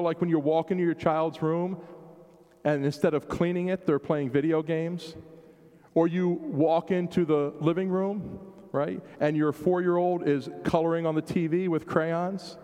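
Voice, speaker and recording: A man's voice: fairly high pitch, mellow. A man preaching a sermon in a reflective way, shifting his emphasis and acting out the questions he quotes. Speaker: pastor. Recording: long hall reverb.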